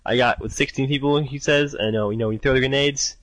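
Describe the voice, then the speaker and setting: A man's voice: mid-range voice, fairly even intonation, fast talker, a bit bright, slight background noise, rough recording. A young man co-hosting a casual gaming podcast, reading out listener submissions and trailing off at times. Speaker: podcast co-host.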